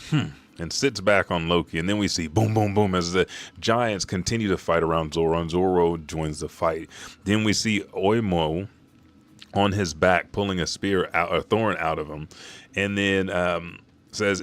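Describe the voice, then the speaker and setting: A man's voice: sits low, normal speed, dry recording. A man hosting a live stream, casually narrating a comic chapter panel by panel with profanity. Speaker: manga reaction host.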